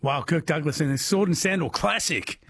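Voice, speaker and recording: A man's voice: on the high side, fairly quick, fairly bright tone, slight background noise. A man hosting an overnight radio quiz, chatting with callers and laughing often. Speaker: radio host. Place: radio studio.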